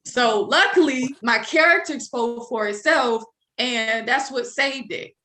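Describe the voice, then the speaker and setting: A woman's voice: on the high side, a little slow. A young adult woman, a guest, telling a story in casual chat and acting out what people said. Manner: animated, acts out quoted people. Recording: roomy echo.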